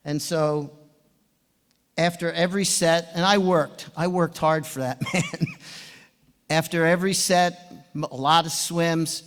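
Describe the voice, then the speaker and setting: An animated older man in his seventies spins anecdotes in a fairly high voice, chuckling as he goes. His speech sounds from a large conference hall with a long reverb trailing each phrase. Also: measured pace, long pauses. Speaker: swim coach giving induction speech.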